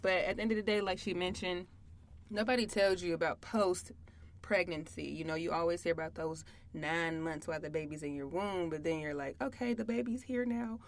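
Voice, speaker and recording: A young woman co-hosting a casual podcast about motherhood, chatty and quick to laugh. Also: low voice, steady tone, slight background noise. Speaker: podcast co-host. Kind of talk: casual chat.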